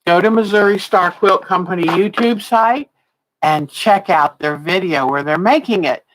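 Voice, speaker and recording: A woman's voice: on the low side, normal speed, slight background noise, poor audio. A woman in her sixties, a quilting teacher on a casual livestream, chatty and laughing often, a little tired and yawning. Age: 60s.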